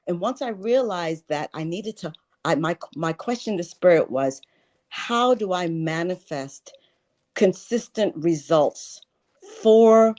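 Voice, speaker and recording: A woman's voice: sits low, darkish tone. A woman in her sixties, a life and wealth coach, speaking earnestly as an interview guest and repeating phrases for stress. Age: 60s. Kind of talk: spiritual interview talk.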